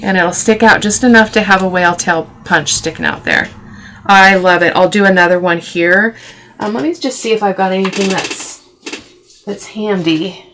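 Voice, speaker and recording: A woman's voice: mid-range voice, normal speed, a bit bright, a little hiss or hum. A middle-aged woman hosting a casual craft tutorial, chatty and affectionate, thinking aloud with fillers as she works. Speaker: craft video host.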